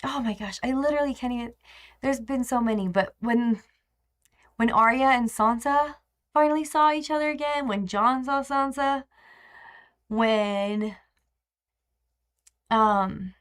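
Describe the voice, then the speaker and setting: A woman's voice: fairly high pitch, a little slow, long pauses, a bit bright. Chatty young woman on a live stream. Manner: chatty, rambling, emotional, many fillers. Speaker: streamer hosting a live recap. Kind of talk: casual live-stream chat.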